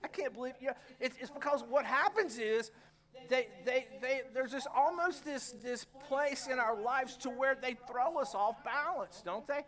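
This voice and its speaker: A middle-aged pastor preaches in a church, his voice sitting high for a man. He tells stories with lively energy and acts out his own reactions. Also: measured pace. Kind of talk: sermon. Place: church sanctuary.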